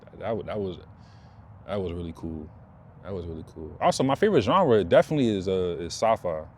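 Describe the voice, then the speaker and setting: A man's voice: low-pitched, brisk, a little hiss or hum. Laid-back young man rambling outdoors. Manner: rambling, loose, repeats himself, animated when excited. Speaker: vlogger. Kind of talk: casual talk to camera.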